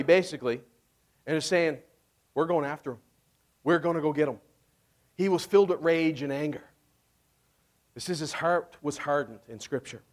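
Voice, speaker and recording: A man preaching a sermon, retelling the story with lively acted-out voices and frequent laughs. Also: on the high side. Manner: animated, acts out voices, laughs often. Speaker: pastor.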